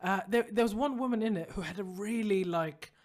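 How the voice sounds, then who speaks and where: Young male podcast co-host, higher voice, quick and chatty. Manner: chatty, quick, with playful mock-solemn asides. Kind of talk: casual chat.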